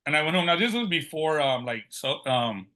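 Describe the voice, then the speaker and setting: Brief: middle-aged man, guest storyteller, bright and forceful tone, acts out what others said. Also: a little high, moderate pace. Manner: lively, acts out quoted dialogue. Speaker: podcast guest. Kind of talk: personal storytelling.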